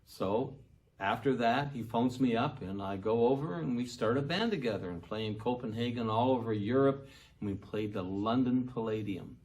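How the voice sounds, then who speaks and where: An older man tells a story from his days as a musician. He keeps it lively and acts out the voices of the people he meets. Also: mid-range voice, normal speed. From Canada. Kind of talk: anecdotal storytelling.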